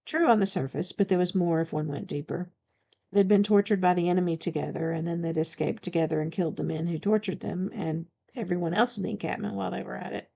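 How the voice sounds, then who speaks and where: Woman reading her own romance audiobook, gravelly voice, kinda dark and mellow. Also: lowish voice, steady tone, fast. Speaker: author reading her book. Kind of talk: audiobook narration.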